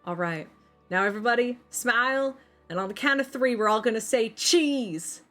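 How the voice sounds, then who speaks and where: A woman voicing a cheerful grandfather who coaxes his family into a photo, loud and raised in pitch. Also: normal speed, faint music behind.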